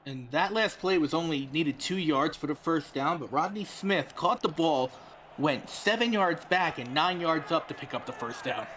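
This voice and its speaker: A man's voice: a little high, animated, normal speed, fairly bright tone, slight background noise. A man with a New York accent giving analytical color commentary on a football game, breaking down stats and plays.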